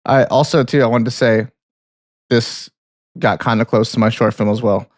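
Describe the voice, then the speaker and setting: A man's voice: mid-range voice, fairly even intonation, moderate pace, no room sound, studio quality. Laid-back man chatting about movies. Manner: laid-back, rambling, frequent "yeah" and "like". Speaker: podcast co-host. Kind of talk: casual movie podcast chat.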